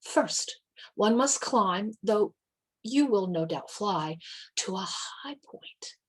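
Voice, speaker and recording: A woman's voice: medium pitch, expressive, slow, breathy edge. A woman voicing an exceedingly polite, formal male pig in a children's story. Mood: stately. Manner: formal, stately, ceremonious.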